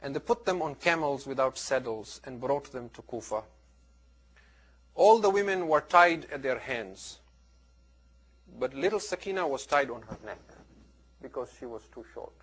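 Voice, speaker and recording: A man's voice: mid-range voice, animated, moderate pace, pauses often, fairly bright tone. A man giving a religious lecture, telling stories emphatically with dramatic rises and drops in his voice.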